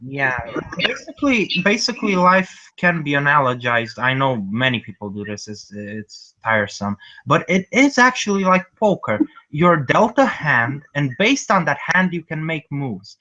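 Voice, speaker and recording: A man talking as a guest in a casual online group chat, quick and stammering, with sarcastic quips. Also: fairly high pitch, very animated, sharp tone. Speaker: guest panelist. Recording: muffled lo-fi video-call audio.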